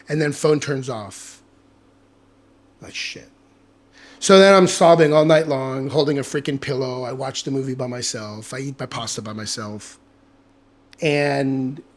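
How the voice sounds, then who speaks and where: In a casual podcast chat, a man with a mid-range voice recounts a story from his own life. He's candid and lively, swears without hesitation, and acts out the dialogue he's quoting.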